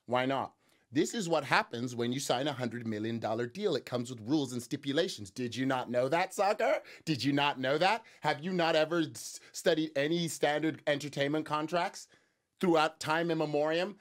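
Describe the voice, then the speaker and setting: A man with a slightly high voice, speaking at a normal speed, reacts casually to a news clip. He's sarcastic and mocking, rambling along with many restarts and repeated words.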